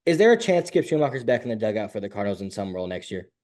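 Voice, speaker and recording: A man co-hosting a casual sports podcast, talking in quick, opinionated bursts and jumping into high mocking voices now and then. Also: big pitch swings, darkish tone. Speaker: podcast co-host.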